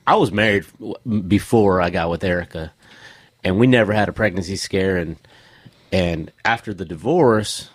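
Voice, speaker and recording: A man's voice: sits low, normal speed, dry recording, clean studio sound. A man in his forties, a podcast guest, talking in an easygoing, plain-spoken way. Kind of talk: casual conversation.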